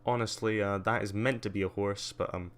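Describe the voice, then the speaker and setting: Deep-voiced, rambling male livestreamer. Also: fairly even intonation, a little fast, a little hiss or hum. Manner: rambling, many ums and uhs, wry asides. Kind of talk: casual live-stream commentary giving a tour.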